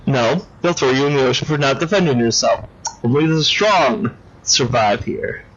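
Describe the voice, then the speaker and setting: A man doing a deadpan, blunt male hero. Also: medium pitch, normal speed, muffled recording, slight background noise, natural voice.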